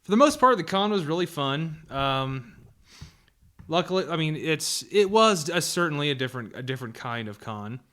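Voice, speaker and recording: Man, bright sharp tone, slightly high voice, dry casual co-host. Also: big pitch swings, moderate pace. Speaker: podcast co-host. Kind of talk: casual podcast chat.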